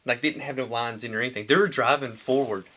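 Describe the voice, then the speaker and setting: A young man co-hosting a casual sports podcast, excitable and giggly as he tells stories. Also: medium pitch, quick pace. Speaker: podcast co-host. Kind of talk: casual chat. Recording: noisy background.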